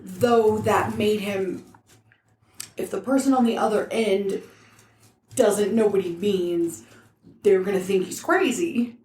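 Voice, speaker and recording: A woman's voice: medium pitch, slow pace, long pauses, a little mellow. A woman co-hosting a podcast, chatting and reacting casually. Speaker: podcast co-host. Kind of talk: casual chat. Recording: echoey room with faint noise.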